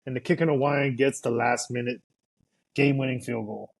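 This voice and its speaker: A man's voice: mid-range voice, steady tone, fairly quick, vocal fry. Man recapping a football game on a podcast. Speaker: podcast co-host. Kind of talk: casual sports chat.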